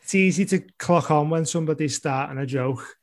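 Scouse male guest, conversational, slightly higher register, rambling anecdotes. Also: a little fast. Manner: chatty, rambling, loose impressions of others. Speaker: comedian guest. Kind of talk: casual chat.

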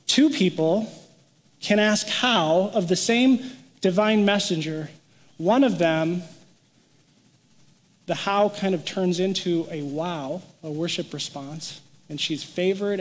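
In a large hall, the pastor's high voice carries through a sermon built on animated stories. He brings quoted lines to life by acting them out.

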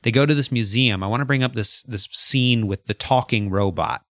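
A man co-hosting a casual book discussion, retelling scenes in an animated way and acting out the characters' lines. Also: mid-range voice, moderate pace, no room sound, clean studio sound. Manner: animated storyteller, acts out quotes. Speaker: podcast co-host.

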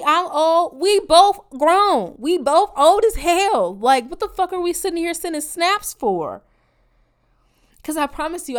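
A woman in her forties delivering a profane, exasperated comedic rant as a podcast host, voice swinging between loud outbursts and low mutters. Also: clean tone.

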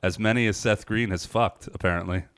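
A man's voice: fairly low pitch, steady tone, a little fast, fairly bright tone, clean tone, dry recording, studio quality. A man co-hosting a horror movie podcast, chatting casually, rambling and swearing freely as he loses his train of thought. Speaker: podcast co-host. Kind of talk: casual movie-review chat.

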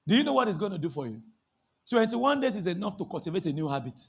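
A man, preaching a sermon with shouted bursts and drawn-out emphasis. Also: high-pitched, very animated, gravelly, breathy edge. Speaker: pastor.

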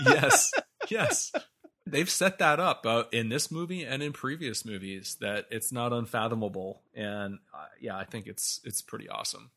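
A man's voice: mid-range voice, big pitch swings, moderate pace, pushed and bright. A man co-hosting a podcast, talking animatedly about a movie, laughing often and swearing freely. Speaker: podcast co-host. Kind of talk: casual film discussion.

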